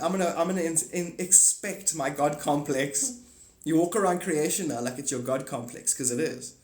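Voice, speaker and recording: A man's voice: fairly high pitch, darkish tone. A man hosting a livestream, rambling through a monologue and answering chat comments aloud. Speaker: livestream host. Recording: echoey room.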